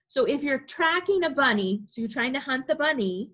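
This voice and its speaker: A woman leading a library storytime, reading a picture book aloud to preschoolers in an animated way and talking to the children directly. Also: sits high, moderate pace, few pauses.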